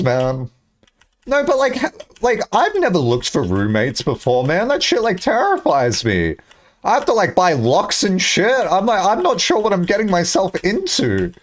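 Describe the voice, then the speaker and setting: A young man streaming casually, rambling, swearing a lot and acting out imagined conversations. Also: high-pitched.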